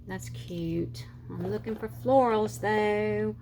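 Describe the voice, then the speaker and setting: A woman's voice: medium pitch, slow, mellow, slight background noise. A middle-aged woman with a Southern US accent, chatting casually and rambling as she decorates her planner, with slightly slurred speech, sometimes counting under her breath. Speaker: planner channel host. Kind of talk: casual chatty crafting vlog.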